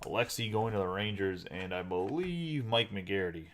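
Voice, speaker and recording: A man hosting a live card break, chatting casually and rattling off names quickly. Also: fairly low pitch.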